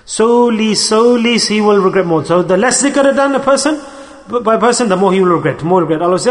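A high-pitched man preaches a Sufi sermon in a mosque, stressing his points by repeating them and putting questions to the congregation. He sprinkles Arabic and Urdu religious terms through his English. His voice rings out with a long echo off the hall. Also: animated, quick pace. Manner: emphatic, repeats phrases, asks the audience questions. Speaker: Sufi shaykh preaching on dhikr.

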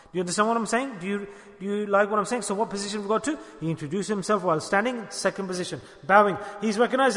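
High-voiced, bright preacher in a hall. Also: male voice. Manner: emphatic, repeats lines and asks the audience questions. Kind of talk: sermon. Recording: long hall reverb.

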